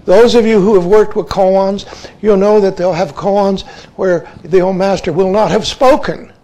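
Emphatic high-voiced man giving a dharma talk. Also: steady tone, measured pace, dark tone, low-quality recording. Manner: emphatic, repeats "see" as a verbal tic. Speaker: Zen teacher.

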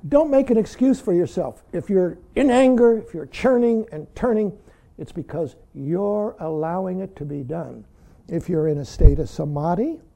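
A man's voice: high-pitched, dark tone. A man giving a dharma talk as a Zen teacher, blunt and teasing, who laughs readily and keeps saying "see".

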